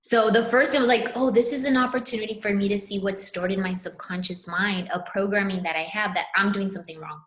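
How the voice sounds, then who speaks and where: A woman's voice: mid-range voice, steady tone, a little fast, few pauses, fairly bright tone. Earnest woman telling a story, echoey room. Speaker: spiritual counselor. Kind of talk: casual conversation.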